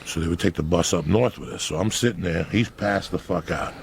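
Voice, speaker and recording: Gravelly profane storytelling man in his fifties. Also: deep voice, a little fast, slight background noise. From Cuba. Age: 50s. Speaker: comedian guest. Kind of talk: storytelling on a podcast.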